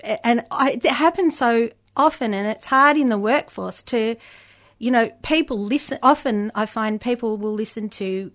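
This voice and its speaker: A woman with a higher-pitched voice, a panel guest talking hesitantly with many pauses and restarts. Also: fairly bright tone. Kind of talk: casual discussion.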